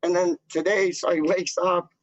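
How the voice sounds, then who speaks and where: A man's voice: high-pitched, little pitch movement, moderate pace, dry recording. A man chatting casually to camera as a fan channel host, rambling and slangy with lots of fillers. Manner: slangy, loose, full of "like" and "dog" fillers. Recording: dull lo-fi dry sound.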